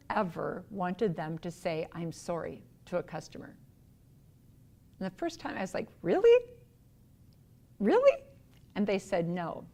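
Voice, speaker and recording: A woman giving a recorded workplace training lecture on customer service, earnest and instructive, sometimes acting out quick quoted voices. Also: on the low side, a little mellow.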